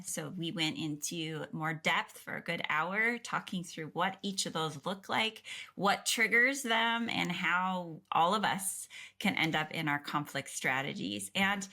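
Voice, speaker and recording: A middle-aged woman, a podcast co-host and clinician, talking in a lively, direct way and quick to clarify. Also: lowish voice. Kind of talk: casual explanatory chat.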